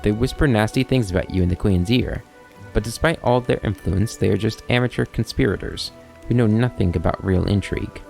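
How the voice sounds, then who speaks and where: A man's voice: on the low side, fairly quick, creaky, darkish tone, soft background music. A man voicing a sly, talkative male kobold schemer with a wry, rambling, mock-innocent manner.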